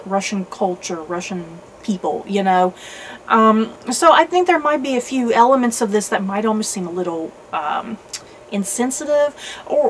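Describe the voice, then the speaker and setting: A woman with a somewhat high voice talks through a book review in a loose, conversational way. She hedges her opinions thoughtfully, restarting sentences and leaning on "you know" as she goes. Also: slight background noise, rough recording. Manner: thoughtful, hedging. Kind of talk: casual book review chat.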